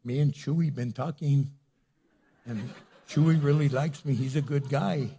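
Man voicing a sarcastic young woman, husky, offhand. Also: mid-range voice, steady tone, unhurried, warm tone. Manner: sarcastic, casual. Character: young woman, wry and resigned.

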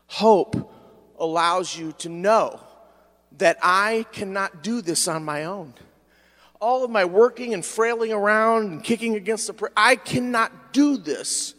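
Middle-aged guy preaching, drags words out slow to hit the point, church echo. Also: high-pitched, a bit bright. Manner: fervent preaching, stretching words slowly for emphasis. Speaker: pastor. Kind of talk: sermon. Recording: long church reverb.

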